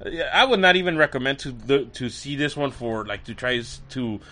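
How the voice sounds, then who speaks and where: A man's voice: medium pitch, a little fast, pushed and bright. A man hosting a podcast, giving casual review commentary and rambling with fillers and restarts. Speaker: podcast host.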